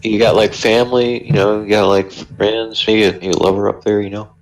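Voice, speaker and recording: A man's voice: lowish voice, level tone, brisk, a little hiss or hum, lightly acted, poor audio. A man voicing a chatty male adventurer with a put-on Southern drawl, friendly and prying. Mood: folksy prying. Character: chatty folksy male adventurer questioning a prisoner.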